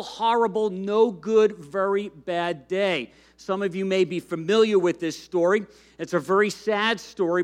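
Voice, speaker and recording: A man's voice: high voice, a bit bright. A man preaching a sermon in a conversational way, with frequent fillers, and reading a storybook aloud to the congregation. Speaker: pastor.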